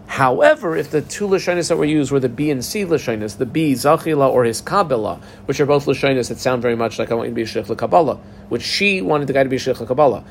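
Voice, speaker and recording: A man teaching a Talmud class in a casual, animated way, acting out the voices of the people in the case. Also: mid-range voice, a little hiss or hum. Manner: animated, acts out the parties in a dialogue.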